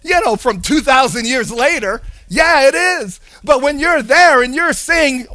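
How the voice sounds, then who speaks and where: A male preacher delivering a sermon, animated, shifting between hushed and loud with sing-song emphasis. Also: very high voice, moderate pace, few pauses, no echo.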